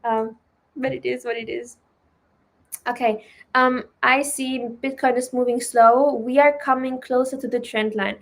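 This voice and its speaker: A woman's voice: fairly high pitch, steady tone, a little slow. A woman with a German accent, a non-native speaker of English, chatting loosely as she teaches trading on a live stream, with many fillers and "right?" tags.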